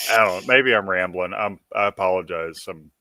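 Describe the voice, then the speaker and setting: Low, bright-toned man musing aloud. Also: dry recording. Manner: thoughtful and self-doubting, trails off and restarts. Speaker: podcast guest. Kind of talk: casual podcast chat.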